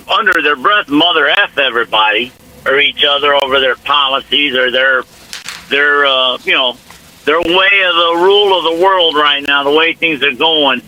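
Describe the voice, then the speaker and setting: A man's voice: fairly high pitch, bright, forceful tone. A man calling in to a radio show, rambling in a folksy way and calling people man and brother, with a Northwest Indiana accent. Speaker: caller. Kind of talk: casual call-in chat. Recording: phone line.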